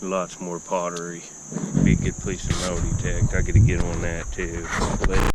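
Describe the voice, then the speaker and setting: A man narrating a casual outdoor vlog in a relaxed, rambling, folksy way, filmed on a handheld camera by a river and an old dump. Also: low-pitched, moderate pace. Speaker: vlogger. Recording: faint outdoor noise with insects.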